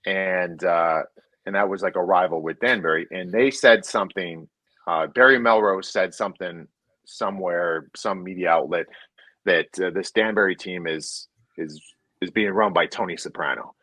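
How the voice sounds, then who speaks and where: A man's voice: deep voice, normal speed, no room sound, poor audio. A man in his thirties or forties, a former hockey player and podcast guest, telling stories casually, swearing freely, and quoting others in shifting voices. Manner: animated, profane, quotes others in shifting voices. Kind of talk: casual storytelling.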